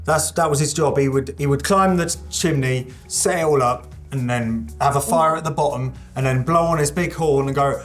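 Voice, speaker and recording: A woman, a musician guest, chatting casually in an interview, self-deprecating and quick to laugh. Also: rumbling low, soft background music. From United Kingdom.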